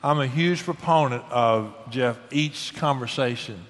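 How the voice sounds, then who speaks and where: An older man giving marriage advice in an earnest, folksy way, telling stories with lively emphasis. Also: mid-range voice, unhurried. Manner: earnest, folksy, animated storytelling. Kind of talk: conversational advice. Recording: long reverb.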